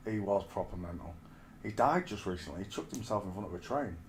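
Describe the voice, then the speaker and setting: A man's voice: lowish voice, animated, fairly quick. A man in his forties from England, telling rambling stories in casual chat and calling the listener mate. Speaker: streamer.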